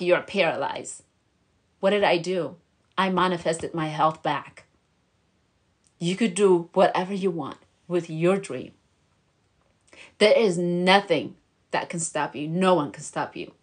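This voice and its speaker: A woman's voice: on the low side, a bit bright. Earnest young woman giving motivational talk. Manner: earnest, emotional, encouraging. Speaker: vlogger.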